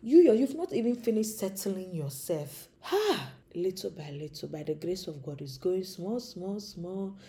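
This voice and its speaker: A woman's voice: lowish voice, unhurried, hardly any pauses. A young woman from Africa, telling a comic monologue and slipping into small character voices. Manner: animated, acts out little voices. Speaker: comedic storyteller. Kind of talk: comedic monologue.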